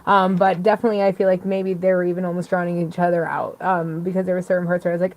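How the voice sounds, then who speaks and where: A woman's voice: lowish voice, little pitch movement, fast, few pauses, dull audio. A woman with a Canadian accent giving a casual music review, chatty and giggly, with many fillers. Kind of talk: casual chat.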